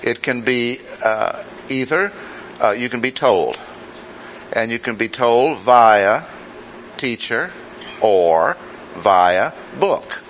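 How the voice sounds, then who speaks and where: A man teaching a Bible study class, speaking deliberately and repeating key phrases for emphasis. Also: mid-range voice, animated, a bit bright, slight background noise, low-quality recording.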